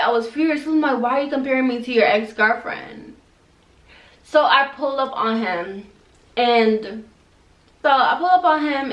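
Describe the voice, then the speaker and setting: Young woman, high voice, casual storytime vlog, animated and exasperated, roomy echo, a bit off-mic. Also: distant mic. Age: young adult. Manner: animated, exasperated retelling with quoted back-and-forth. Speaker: vlogger.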